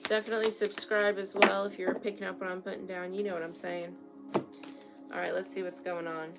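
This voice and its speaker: A woman's voice: mid-range voice, flat delivery, normal speed, over loud music. A young woman giving a casual tarot reading at home, chatty and frank, often checking in with her listeners. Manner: chatty, keeps checking in with "okay?". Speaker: tarot reader. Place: home room with an altar.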